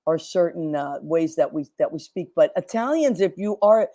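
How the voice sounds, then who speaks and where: A woman's voice: deep voice, expressive, moderate pace, dark tone, no echo, clean studio sound. A woman hosting a talk show, chatting in an effusive, rambling way. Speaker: show host. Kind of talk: casual chat.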